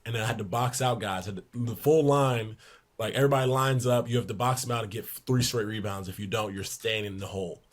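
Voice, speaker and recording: A young man in his twenties, a podcast guest, telling lively locker-room anecdotes in a casual way, laughing along. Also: fairly low pitch, a little fast. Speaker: podcast guest, pro basketball player. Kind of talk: casual storytelling in a sports podcast.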